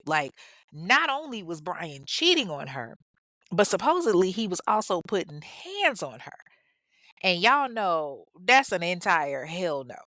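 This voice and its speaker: A woman's voice: on the low side, sing-song, a little slow, bright, forceful tone, no room sound. A woman podcast host telling a true-crime story in a casual, candid way, with profane, chatty asides to her listeners.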